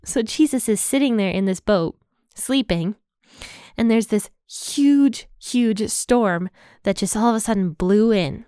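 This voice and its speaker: A woman hosting a Bible podcast, walking through verses in a relaxed, conversational way with everyday phrasing. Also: mid-range voice, dry recording, studio quality. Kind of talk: casual Bible study teaching.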